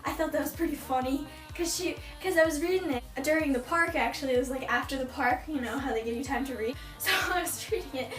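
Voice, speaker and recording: Teen girl vlogger, high voice, exasperated rant about a book, recorded far off in an echoey room with faint music under. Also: fast talker, few pauses. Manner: exasperated, ranting, mocking voices. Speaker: book reviewer. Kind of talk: casual book review.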